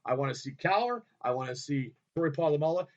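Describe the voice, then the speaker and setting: Excitable, profane man on dull radio audio. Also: on the high side, fairly quick. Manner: excitable, loud and profane, often trailing off and restarting. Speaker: radio show host. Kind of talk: rambling storytelling monologue. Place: his home studio.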